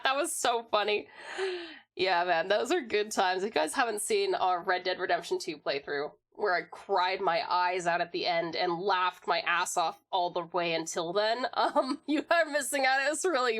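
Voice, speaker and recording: American lady streaming from home, rambly and laughy, mid-pitched voice. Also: fairly bright tone. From United States. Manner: chatty, rambling, laughs often, answers chat. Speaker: livestreamer. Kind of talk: casual stream chat.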